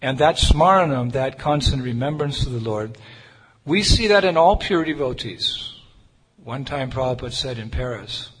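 Recorded in a reverberant hall with faint noise, a man at medium pitch and moderate pace preaches a sermon as a Hare Krishna preacher. He shares a personal story, animated, earnest, and conversational.

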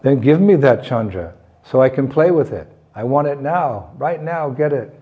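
A stubborn little boy god, put on by a man telling the story, emphatic and wilful. The pitch climbs sharply when he demands. It comes through a dull lo-fi recording. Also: animated, moderate pace, lightly acted. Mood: tantrum. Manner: emphatic, insistent.

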